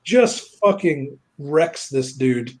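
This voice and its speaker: A man's voice: a little high, animated, very slow, a little mellow. A man casually retelling a plot as a reviewer, rambling and swearing with many fillers. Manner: rambling, profane, lots of fillers.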